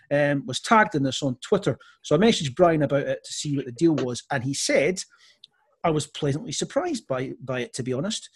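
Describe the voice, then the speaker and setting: A man's voice: a little high, husky. A Scottish man hosting a podcast, trading puns and telling chatty stories in a casual way. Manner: jokey, punning, then chatty anecdote. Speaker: podcast host. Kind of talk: casual pub banter and storytelling.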